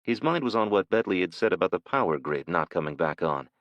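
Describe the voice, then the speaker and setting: Deep-voiced man narrating an audiobook. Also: no room sound, muffled recording. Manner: measured, steady storytelling.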